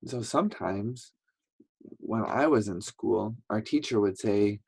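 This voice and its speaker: A man teaching a slow English lesson to young learners, patient and repetitive, acting out sounds as he explains. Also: on the low side, vocal fry, breathy edge. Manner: patient, repeats words, acts out sounds.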